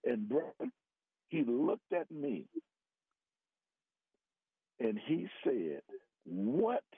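A man telling his faith testimony as a radio guest, earnest and rising in pitch for emphasis. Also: sing-song, drawn-out words, husky, dry recording. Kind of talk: personal testimony. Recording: tinny phone-line radio audio.

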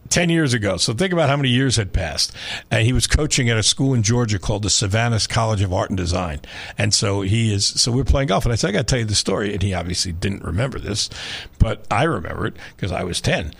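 An older man in his sixties hosting sports talk radio, spinning a story with a rough, gravelly edge to his voice. His pitch swings widely as he animates the tale, and there's a husky, slightly raspy texture throughout. He laughs easily as he talks into a studio mic. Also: fairly bright tone.

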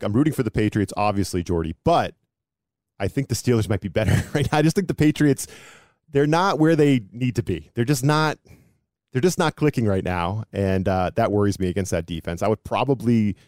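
A man's voice: on the low side, darkish tone, dry recording, studio quality. A man hosting a sports podcast, chatting casually and animatedly, poking fun at himself and laughing often. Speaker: podcast host.

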